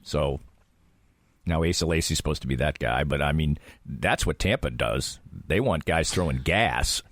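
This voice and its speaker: Very deep-voiced, lively man talking sports. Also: normal speed, no room sound. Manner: laid-back, laughs easily. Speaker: regular guest. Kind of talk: casual sports talk.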